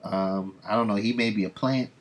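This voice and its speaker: A man's voice: lowish voice, fairly even intonation, normal speed, slight background noise. A man reading comics aloud and commenting bluntly, swearing as he reacts. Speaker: comic book reader host.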